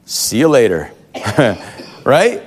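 A man's voice: medium pitch, huge pitch swings, drawn-out words. A male pastor giving a conversational sermon in a church, full of rhetorical questions.

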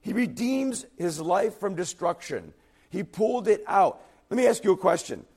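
An earnest male pastor delivers a sermon with fervent emphasis, his voice a touch higher than most men's. At moments his voice falters and sinks to a quiet, husky tone. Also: lively intonation, normal speed. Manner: earnest, emphatic preaching with rising intensity.

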